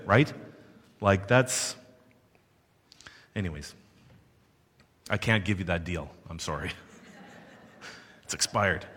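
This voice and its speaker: A man from Canada telling a personal story with playful asides to his listeners. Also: on the low side. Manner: animated, playful asides to the audience. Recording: long hall reverb.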